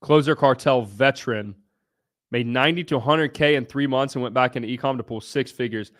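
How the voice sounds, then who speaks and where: A man hosting a casual livestream Q&A, talking bluntly with frequent swearing and bursts of excitement. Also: medium pitch, brisk. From United States (Ohio). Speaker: livestream host.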